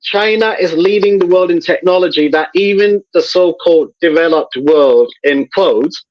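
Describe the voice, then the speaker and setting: A man guest in a casual conversation, talking in a measured, thoughtful way and repeating words as he searches for them. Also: high voice, no room sound, highs cut off. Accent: noted accent, admired by host.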